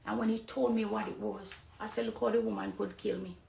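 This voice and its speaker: A woman with a Jamaican accent gives an impassioned testimony, pleading one moment and loud and emphatic the next. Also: mid-range voice, steady tone, fairly quick, gravelly, reverberant, slight background noise.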